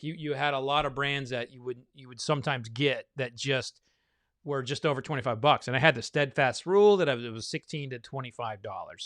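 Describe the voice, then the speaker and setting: A man's voice: medium pitch, fairly bright tone, smooth, dry recording, studio quality. A man hosting a bourbon tasting, chatting loosely and thinking aloud with many fillers, a little winded from all the talking. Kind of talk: casual live tasting chat.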